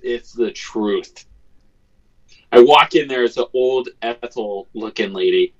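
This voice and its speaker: Speaking slowly in a mid-range voice, a podcast co-host tells a story during casual chat. His delivery is animated and profane, with quotes re-enacted, and the recording has a slightly dull lo-fi quality.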